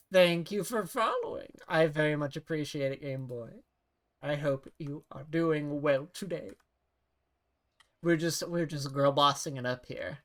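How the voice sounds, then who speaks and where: A woman streaming a game, chatting casually with viewers and reading the narration in a playful, joking manner. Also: low-pitched.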